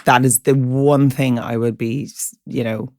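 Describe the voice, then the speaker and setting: A woman co-hosting a wellness podcast, gently agreeing and offering advice in a reflective chat. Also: very deep voice, steady tone, unhurried, dry recording, studio quality. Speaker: podcast co-host.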